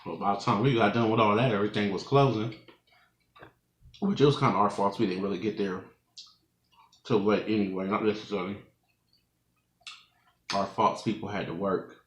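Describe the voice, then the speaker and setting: This twenty-something mukbang vlogger speaks at normal speed in a voice on the low side, with fairly even intonation and frequent pauses. Laughing often, he rambles through a story for viewers from an echoey room at home.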